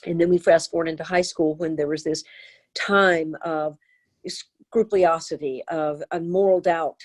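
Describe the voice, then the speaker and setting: An older woman, a therapist and author, telling a personal story in an interview with earnest, animated delivery. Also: on the low side, moderate pace.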